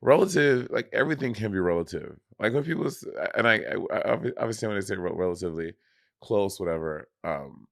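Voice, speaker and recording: A man from Saint Lucia chats casually as a podcast co-host, his lowish voice wandering through thoughts, restarting sentences and trailing off. The sound is close and dry, with no room around it. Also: lively intonation, fast talker, vocal fry, no echo. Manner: rambling, many restarts and trailing off. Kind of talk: casual chat.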